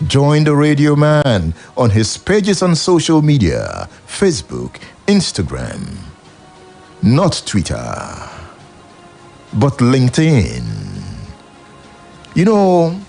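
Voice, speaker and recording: Emphatic Nigerian radio host with a gravelly voice. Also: male voice, medium pitch, huge pitch swings, takes it slowly, darkish tone, faint music behind. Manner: preachy, emphatic, rhetorical questions. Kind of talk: opinionated radio commentary.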